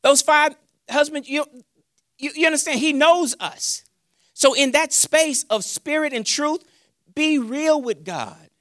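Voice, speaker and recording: A man preaching a sermon as pastor, animated and playful, acting out his talks with God and joking with the congregation on a handheld mic. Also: very high-pitched, measured pace, no room sound, studio quality.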